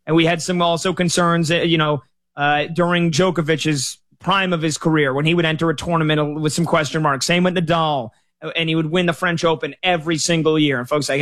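A man's voice: fairly high pitch, steady tone, fairly quick, a bit bright. A man talking casually as a sports betting analyst, weighing picks in a loose conversational way with frequent filler words and restarts.

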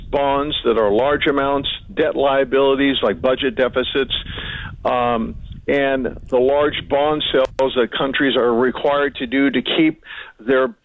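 A man's voice: medium pitch, dry recording. Man on a tinny phone line. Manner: rambling, many fillers and restarts. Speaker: regular financial commentator. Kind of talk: casual market commentary.

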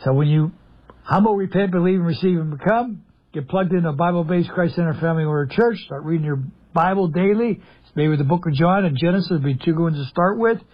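A man's voice: fairly high pitch, a little fast, muffled recording. A man preaching a radio sermon, emphatic, asking the audience questions and answering them himself. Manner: emphatic, asks and answers his own questions.

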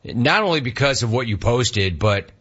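A middle-aged man hosts a loose talk show and riffs wryly on listener messages. His voice is husky, sits at an ordinary male pitch, and comes through a dull, lo-fi recording. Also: expressive, normal speed, a bit bright. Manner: wry, playful, jumps between impressions and asides. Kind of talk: casual talk show banter. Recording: dull lo-fi sound.

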